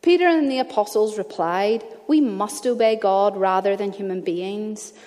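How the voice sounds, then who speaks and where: A woman preaches in an earnest, conversational manner, sharing personal stories between Bible readings. Her voice sits at an ordinary middle pitch. A long reverb from the church hall trails after each phrase. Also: normal speed, warm tone. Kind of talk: sermon.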